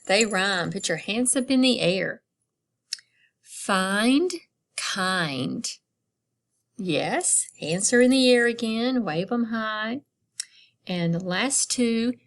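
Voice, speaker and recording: Slow, encouraging phonics teacher woman. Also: mid-range voice, gravelly, a bit bright. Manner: slow, drawn-out word modeling with encouraging praise. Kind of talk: phonics lesson for young children.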